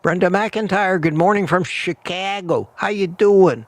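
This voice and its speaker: A man's voice: high-pitched, unhurried, no room sound. A man hosting a casual morning livestream outdoors in the cold, greeting viewers by name and often repeating himself. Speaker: livestream host.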